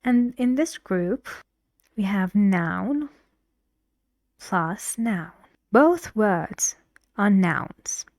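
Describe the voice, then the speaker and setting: A woman's voice: medium pitch, animated, extremely slow, pauses often, darkish tone, dry recording, clean studio sound. A woman teaching an English pronunciation lesson, explaining stress rules patiently with examples.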